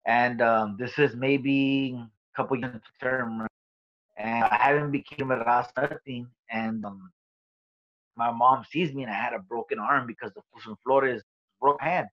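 Man telling a rough story, lo-fi sound. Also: medium pitch. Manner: profane, halting, with many fillers. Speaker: guest. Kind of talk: casual interview storytelling.

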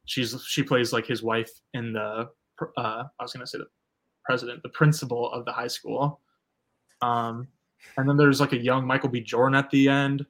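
A man's voice: mid-range voice, level tone, moderate pace. A man co-hosting a podcast, chatting in a laid-back way with many filler words. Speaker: podcast co-host. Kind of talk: casual chat.

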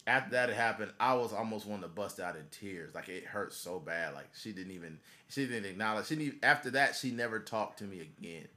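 A man's voice: lowish voice, fairly quick, few pauses, pushed and bright. A man in his thirties hosting a podcast, telling a story in a casual, profane way and laughing as he goes. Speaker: podcast host.

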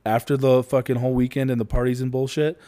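A man's voice: medium pitch, flat delivery, fast, dark tone. A man co-hosting a podcast with his wife, casually defending himself and laughing between points. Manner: defensive, laughing, reasoning things out. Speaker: podcast co-host, husband. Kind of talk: casual couple banter.

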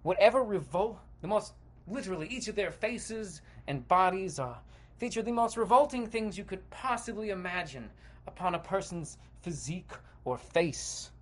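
A man's voice: sits high, animated, normal speed. A man hosting a podcast, narrating a comedic guided visualization in a playful, dramatic way with sound effects. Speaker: podcast host.

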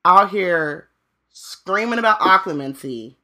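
A woman co-host with a bright, sharp-edged voice, firing off wisecracks and joking asides. Her delivery is loose and conversational, and she chimes in in quick bursts. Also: medium pitch, lively intonation. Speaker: podcast co-host. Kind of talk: casual book-discussion podcast.

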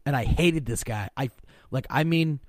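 A man's voice: medium pitch, moderate pace, a little mellow, no room sound. A man in his thirties co-hosting a podcast in casual chat, blunt and profane, often restarting his sentences. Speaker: podcast co-host.

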